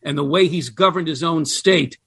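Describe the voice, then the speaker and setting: A man, a guest scholar, talking in a radio interview, explaining ideas with animated emphasis and reading quotations aloud. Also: on the high side, normal speed, creaky, breathy edge. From United States.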